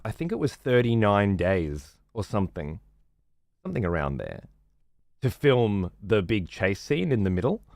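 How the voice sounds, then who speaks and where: Low-voiced man swearing through a rambling chat. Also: no echo, clean studio sound. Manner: rambling, heavily profane. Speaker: streamer. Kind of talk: casual chat while gaming.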